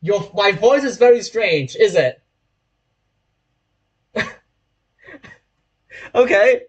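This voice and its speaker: A young man from Hong Kong, a little high in pitch, talks casually while streaming. His English has a British-sounding accent, his throat is sore, and he rambles, restarting and correcting his phrases as he goes. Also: animated, very slow, husky, lo-fi sound. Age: young adult. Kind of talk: casual live-stream chat while playing a train simulator.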